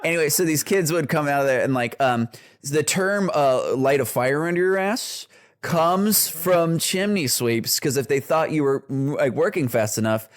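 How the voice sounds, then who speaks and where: A man's voice: fairly high pitch, lively intonation, normal speed. A man co-hosts a casual comedy podcast and rambles through a story. He swears freely, restarts his sentences and laughs often. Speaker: podcast co-host.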